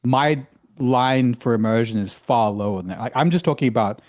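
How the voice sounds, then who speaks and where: A man's voice: medium pitch, moderate pace, a little mellow. A man co-hosting a casual chat about tabletop games, speaking expressively and imitating other players. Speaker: podcast co-host.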